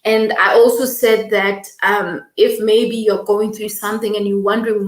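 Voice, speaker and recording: A young woman hosting a casual livestream, greeting viewers by name and talking warmly and quickly about her channel and purpose. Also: medium pitch, steady tone, reverberant. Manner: warm, effusive, reads viewer comments aloud; fast-talking, emotional, laughing. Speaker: livestream host.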